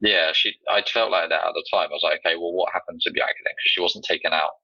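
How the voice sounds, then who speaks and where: A man's voice: low-pitched, steady tone, quick pace, slightly rough, dry recording. A man co-hosting a casual podcast chat, thoughtful and easygoing, on a slightly lo-fi mic. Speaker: podcast co-host.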